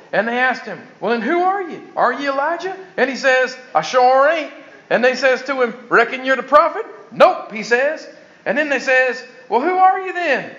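Guy doing a slow drawly southern hillbilly storyteller, higher voice, kinda muffled lo-fi audio. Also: bright, forceful tone, reverberant, heavily acted. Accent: Southern US rural, put on. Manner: drawling, homespun, leisurely. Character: folksy rural Southern male storyteller. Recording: dull lo-fi recording.

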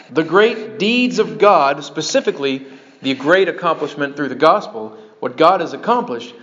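A man preaching a sermon as pastor, animated and breaking into joking asides to his congregation. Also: high-pitched. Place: church sanctuary. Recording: dull lo-fi sermon recording.

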